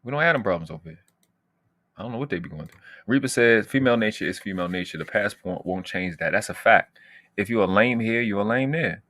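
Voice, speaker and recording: Brash, low-voiced man streaming commentary. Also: expressive, fast, fairly bright tone, dry recording. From United States. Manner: brash, boastful, slangy, trash-talking. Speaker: channel host. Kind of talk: casual livestream commentary.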